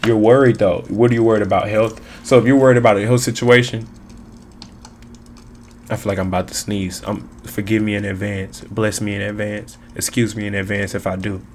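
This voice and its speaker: Male tarot reader, lowish voice, emphatic and repetitive, casual street slang. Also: steady tone, fairly quick, a little mellow, slight background noise. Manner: preachy, emphatic, repeats phrases, slangy.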